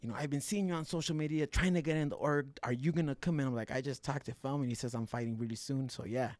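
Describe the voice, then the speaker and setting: Man, podcast guest, middle pitch, swears freely, acts out scenes with slang, dry close mic. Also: fast talker, no room sound. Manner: profane, animated storytelling with acted-out quotes and slang. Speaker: guest fighter. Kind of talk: casual storytelling in a podcast interview.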